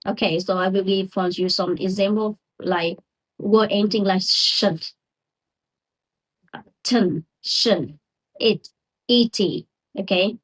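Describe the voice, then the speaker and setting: A young woman who is not a native English speaker talks through a casual lesson at a very slow, careful pace. She repeats each word several times and keeps checking in with the listener. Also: medium pitch, fairly even intonation, rough recording. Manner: slow and careful, repeats words and says "okay?" often. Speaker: English learner teaching word stress.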